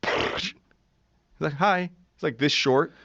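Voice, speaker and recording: A man in his forties with a fairly low voice tells a story as a podcast guest, animated and profane, slipping into the voices of the people he quotes. His studio mic sounds dry and dull, with a lo-fi edge. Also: normal speed, dry recording. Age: 40s. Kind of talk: casual storytelling.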